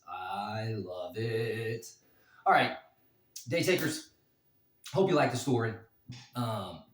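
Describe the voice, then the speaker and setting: Rambling man telling a story, roomy and distant. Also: fairly low pitch. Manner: rambling, crude humor, many fillers. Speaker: vlogger, former bouncer. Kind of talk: casual storytelling.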